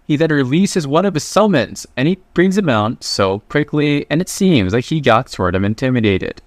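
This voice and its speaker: A man's voice: mid-range voice, expressive, moderate pace, no echo. A man retelling a comic story in a loose, chatty, slangy way, reading the characters' lines as he goes. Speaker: manhwa recap narrator. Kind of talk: casual story recap narration.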